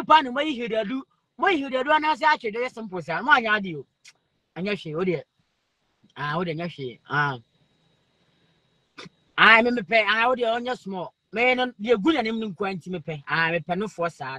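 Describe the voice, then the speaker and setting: A man with a Ghanaian accent hosts a live-stream chat, excitably calling out viewers' names and comments and breaking into laughter. His voice sits very high and sounds bright and forceful. The sound is close and dry. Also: normal speed, no echo. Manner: excitable, laughs often, calls out names repeatedly. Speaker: livestream host reading viewer comments.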